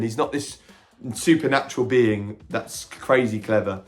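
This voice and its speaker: A man hosting a podcast, retelling a film with animated energy, jumping into quick character quotes and stumbling over restarts now and then. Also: mid-range voice, faint music behind. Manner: occasional stammering restarts. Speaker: podcast host reviewing a film. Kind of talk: casual film reaction recap.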